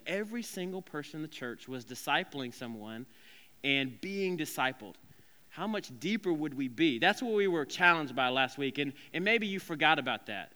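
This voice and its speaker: Male pastor, lively and joking from the pulpit; smooth, resonant voice pitched a touch high. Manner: lively, joking, conversational preaching. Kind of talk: sermon. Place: church sanctuary. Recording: long reverb of a large hall.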